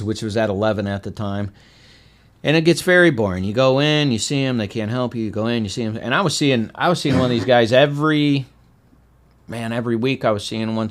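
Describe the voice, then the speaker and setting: Wry, deadpan male storyteller. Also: mid-range voice. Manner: swings from loud, animated telling to quiet, heavy tones. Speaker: veteran sharing his life story. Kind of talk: personal spoken testimony.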